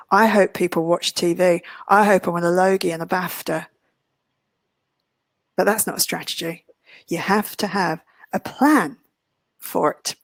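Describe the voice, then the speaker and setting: A middle-aged woman from England giving a webinar talk, theatrical and self-mocking, with big swings in pitch. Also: no room sound. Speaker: webinar speaker. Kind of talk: lively presentation.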